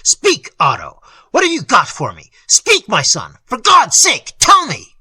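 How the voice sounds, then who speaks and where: A man reading aloud voices a desperate old father who is gruff and menacing and breaks into frantic, high shouts. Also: huge pitch swings, a little slow, no room sound, exaggerated voice.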